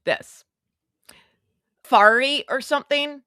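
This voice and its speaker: A woman's voice: on the high side, expressive, normal speed, pauses often, pushed and bright, no room sound, clean studio sound. A woman hosting a casual live stream, talking in a sarcastic, rambling, chatty way. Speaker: online show host.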